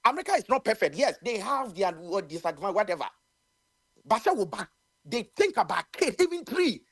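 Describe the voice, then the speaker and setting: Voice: mid-range voice, dry recording. A radio talk show commentator with a Ghanaian accent, speaking heatedly with many stammered restarts. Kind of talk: impassioned call-in radio commentary.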